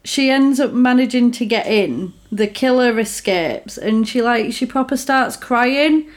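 A woman, casually retelling a film plot and acting out the characters' lines in quick voices. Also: fairly high pitch. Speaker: film recapper.

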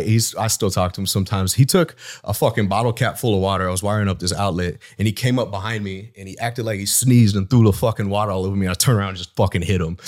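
A man from Southeast Iowa, a personal trainer, telling blunt, profane stories in a casual podcast chat. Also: lowish voice.

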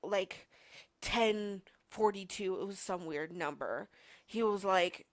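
Young woman, podcast host, casual storytelling, rambling, filler-heavy, mid pitch. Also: slow.

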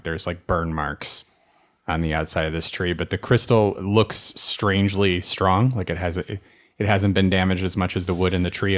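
Man, game master, very low voice, loose descriptive narration, lots of uh and um. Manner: relaxed, filler-heavy describing.

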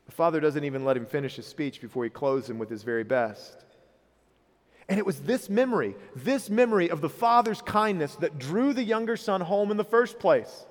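A man's voice: on the high side, expressive, moderate pace. A man in his thirties preaching a sermon as a pastor, earnest and rising in emphasis when he retells the story. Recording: reverberant hall.

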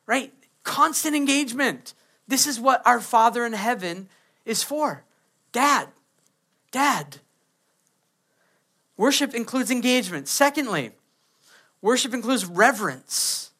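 Bright-voiced pastor preaching playfully. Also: male voice, very high-pitched, lively intonation, takes it slowly, pauses often. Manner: playful, acts out quoted kids and prayers. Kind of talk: sermon.

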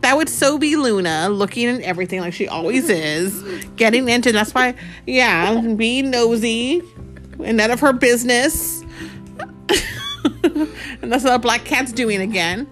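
A woman reading a picture book aloud to a child at home, slowing down for the story lines and chatting about the pictures in between. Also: fairly high pitch, soft background music. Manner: animated, slows down for the read-out lines and chats about the pictures.

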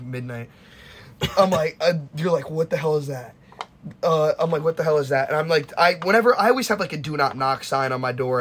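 A young man hosting a casual podcast, telling stories with lively acted-out quotes and plenty of swearing. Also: mid-range voice. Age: young adult. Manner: animated storytelling, acts out quotes, swears freely. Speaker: podcast host. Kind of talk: casual chat.

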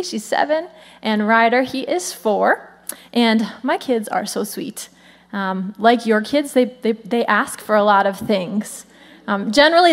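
Animated woman pastor preaching. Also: on the high side. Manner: animated, conversational preaching with "come on" asides. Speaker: lead pastor. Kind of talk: sermon.

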